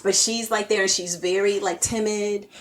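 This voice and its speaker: A woman's voice: mid-range voice, moderate pace, crowd noise. A woman co-hosting a podcast, animatedly retelling a TV episode in casual chat, full of "like" and acted-out quotes. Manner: animated retelling, heavy use of "like" and quoted asides. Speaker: podcast co-host. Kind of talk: casual chat recapping TV shows.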